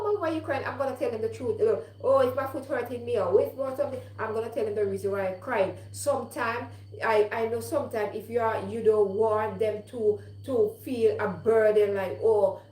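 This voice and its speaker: A woman's voice: a little high, a little mellow. A middle-aged woman giving earnest, repetitive life advice in a live-streamed motivational talk, with frequent fillers. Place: home in London. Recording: echoey room.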